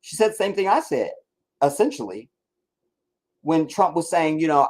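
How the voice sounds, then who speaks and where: A man hosts a casual livestream in a fairly high voice. He rants and rambles, swearing freely as he goes. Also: animated, normal speed, darkish tone. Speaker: livestream host.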